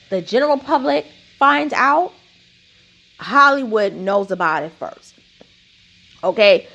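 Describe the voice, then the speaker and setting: A woman's voice: a little high, gravelly, breathy edge, dull audio. A woman giving an opinionated commentary monologue, emphatic and repeating her points with a questioning "okay?".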